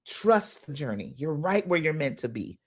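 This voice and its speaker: A middle-aged woman, giving a motivational talk on a phone livestream, emotional and quick to laugh. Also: low voice, sing-song, darkish tone, husky. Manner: laughs often, preachy, emotional. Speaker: inspirational speaker.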